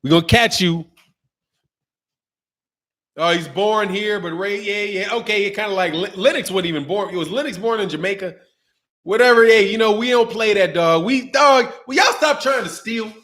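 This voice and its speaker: A man's voice: sits high, moderate pace, fairly bright tone. A man hosting a boxing channel, chatting casually on a livestream. He talks in slang, laughs often and rambles. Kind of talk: casual livestream chat reading super chats.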